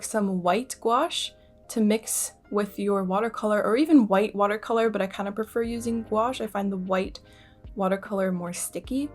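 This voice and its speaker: A young woman with a Canadian accent, chatting casually about art supplies in a rambling vlog, with many fillers. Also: medium pitch. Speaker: art vlogger. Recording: faint music behind voice.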